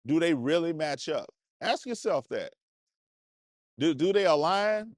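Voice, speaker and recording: A man's voice: a little high, expressive, unhurried, no echo, clean studio sound. A man vlogger giving a casual motivational talk, preachy and conversational. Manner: preachy, conversational, repeats and restarts phrases. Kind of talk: motivational monologue. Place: indoors, seated on a cushion.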